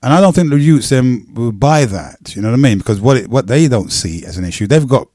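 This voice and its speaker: Halting male radio host. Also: mid-range voice, animated, a little mellow. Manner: halting, many fillers and stammers. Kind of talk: casual live radio talk.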